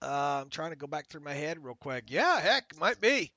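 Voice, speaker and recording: A man co-hosting a casual sports talk podcast, excitable, often stammering and repeating words as he reads listener questions. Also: fairly high pitch, normal speed, dry recording. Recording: dull lo-fi audio.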